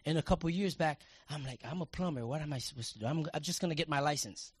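A man preaching a sermon, telling everyday stories in a casual way and building to passionate shouts. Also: a little high, fast, husky, no room sound. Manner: conversational storytelling, rising to passionate shouting.

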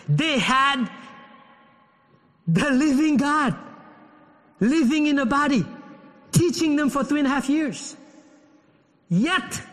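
A man preaching a sermon as pastor in a church, fervent and climbing into shouted pleas. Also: very high voice, big-room sound.

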